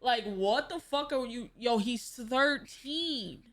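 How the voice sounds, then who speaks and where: Animated swearing woman streamer. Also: on the high side, slow. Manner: animated, exclaiming, swearing, rhetorical questions. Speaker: streamer reacting to a video. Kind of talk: casual live-stream reaction.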